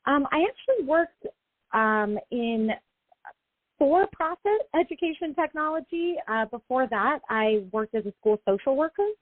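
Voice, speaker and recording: A woman's voice: sits high, animated, measured pace, dry recording. A woman speaking as a guest on a radio interview, friendly and easygoing, with fillers like "um" and "you know". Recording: dry, phone-like line.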